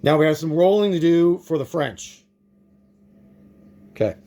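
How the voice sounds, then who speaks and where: A man's voice: a little high, lively intonation, a little slow, gravelly, mellow. A man narrating his own board game play-through, thinking aloud and reacting to dice rolls.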